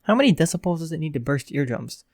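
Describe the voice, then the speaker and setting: A man voicing a loud, teasing male radio host and teacher in a read-aloud fan story, talking in a brash, upbeat way. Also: on the high side, very animated, quick pace, husky, no room sound, studio quality, heavily acted.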